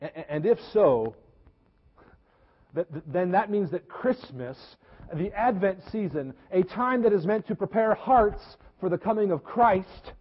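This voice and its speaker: A man preaching a sermon as pastor, earnest, repeating words and slowing down for emphasis. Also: high voice, lively intonation, husky. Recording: echoey hall, dull lo-fi sound.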